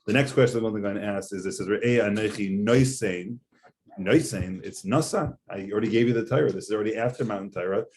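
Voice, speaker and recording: Fast-talking man teaching a class. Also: on the low side, a little mellow. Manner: quick, earnest explaining with frequent fillers. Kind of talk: conversational Torah lecture.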